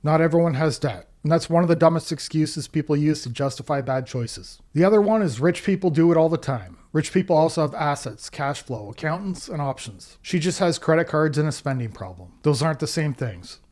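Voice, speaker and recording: A man's voice: fairly high pitch, expressive, brisk, few pauses, darkish tone. A man giving blunt, critical commentary on other people's money choices. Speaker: finance commentator. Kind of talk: reaction commentary.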